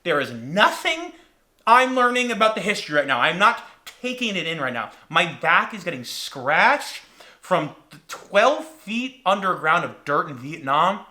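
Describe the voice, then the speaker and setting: A young man hosting a podcast with a bright, forceful voice. He tells the story casually, with a lively pitch that swoops up and down as he acts out each moment with dramatic energy. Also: unhurried. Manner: animated, dramatic reenactments. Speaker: podcast host.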